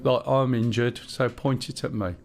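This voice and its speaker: A man's voice: medium pitch, steady tone, normal speed. A man streaming a game, chatting casually and talking a teammate through the controls, thinking aloud with fillers as he goes. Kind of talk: casual gameplay chat.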